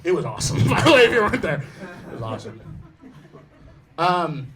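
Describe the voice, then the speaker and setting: A man in his twenties doing a stand-up set on a comedy club stage, talking conversationally with deadpan asides and sudden loud, laughing outbursts. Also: high-pitched, fast talker. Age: 20s. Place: comedy club stage before a live audience.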